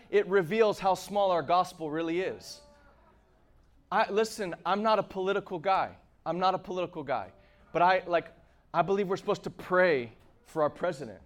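Guy preaching a fired-up sermon, kinda high voice, goes loud then quiet. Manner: impassioned, shifts between shouting and hushed asides.

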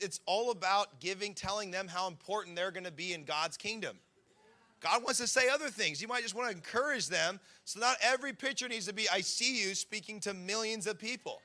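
A man in his thirties, a pastor giving a sermon, telling stories and acting out the people in them. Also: sits high. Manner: storytelling, animated, acts out quotes.

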